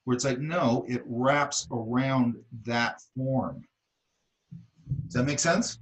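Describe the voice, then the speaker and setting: A man's voice: mid-range voice, takes it slowly, low-quality recording. A middle-aged man teaching an art class, giving blunt, casual critique and checking in often with the students. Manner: blunt, casual, repeats okay and does that make sense. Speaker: art instructor.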